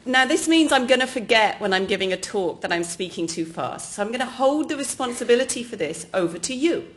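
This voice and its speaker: A woman from England with an English accent, giving an academic keynote lecture in a lively, jokey way, speaking straight to the audience. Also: fairly high pitch, a little fast, a little hiss or hum. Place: lecture hall.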